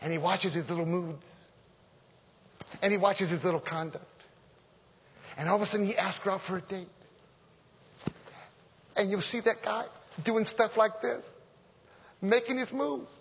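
A man's voice: high voice, fairly even intonation, normal speed, long pauses, slight background noise. A man preaching a conversational sermon in a church, joking and repeating phrases as he calls out to the men. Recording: echoey hall, dull lo-fi sound.

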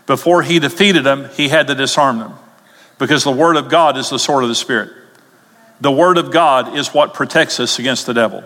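A man's voice: on the high side, a bit bright. A male pastor preaching a sermon emphatically, his voice rising as he gets stirred up. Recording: long hall reverb.

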